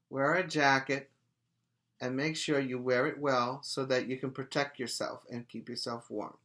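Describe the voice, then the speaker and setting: A man's voice: a little high, sharp tone. A man teaching preschoolers in a virtual lesson, coaxing them along in a sing-song call-and-response way.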